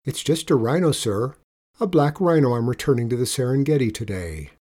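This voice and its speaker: A man's voice: medium pitch, expressive, fairly quick, a little mellow, breathy edge. A man reading a storybook aloud and voicing an earnest, polite young boy who sounds timid and pleading.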